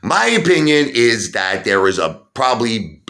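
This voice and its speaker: Ranting man, bright lively voice. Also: mid-range voice, measured pace. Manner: animated, repetitive, rising to shouts. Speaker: stock market video host. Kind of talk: heated opinion rant.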